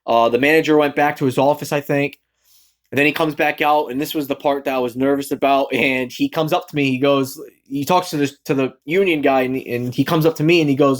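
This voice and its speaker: A man's voice: mid-range voice, fairly even intonation, fast. A young man telling a rambling story about his job on a vlog, often losing his thread and correcting himself, swearing freely. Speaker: vlogger.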